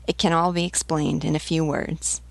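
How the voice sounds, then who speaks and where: Dutiful peasant lieutenant in an audiobook, read by a woman, low gravelly voice. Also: little pitch movement, moderate pace, dry recording. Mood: earnest. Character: loyal eager male peasant rebel leader.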